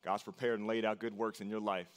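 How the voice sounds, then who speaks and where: A man preaching a sermon as pastor, earnest and emphatic, repeating short phrases for weight and jumping up in pitch on key lines. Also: level tone, fast.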